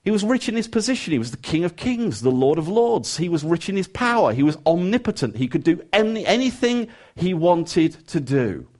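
Lively preacher. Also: male voice, high-pitched, fairly quick, few pauses. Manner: lively, rising emphatic questions then quiet earnest asides; conversational, acts out listeners' thoughts. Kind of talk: sermon.

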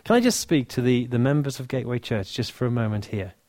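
A man with an English accent preaching a sermon, earnest and warm, dropping to soft, hushed lines for emphasis, with touches of dry humor. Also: mid-range voice, expressive, quick pace, no echo. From England. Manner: earnest, softening to near-whisper on key lines, dry humor.

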